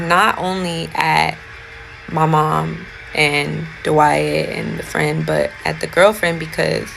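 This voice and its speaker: A woman's voice: low-pitched, creaky, fairly bright tone, a little hiss or hum, rough recording. A young woman chatting casually as she retells a personal story, often slipping into quotes of what she and others said.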